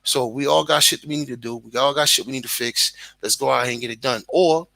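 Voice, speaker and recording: A man's voice: mid-range voice, fast, gravelly, sharp tone, dry recording, rough recording. A man with a Brooklyn accent talking emphatically and with plenty of profanity in a casual live-stream chat. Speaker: guest content creator.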